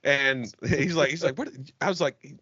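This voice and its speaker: This man co-hosts a casual comedy podcast out of Jacksonville, Florida, telling rambling, profane stories and doing animated voices for the people in them. He speaks at medium pitch and normal speed. The audio has no echo but sounds dull.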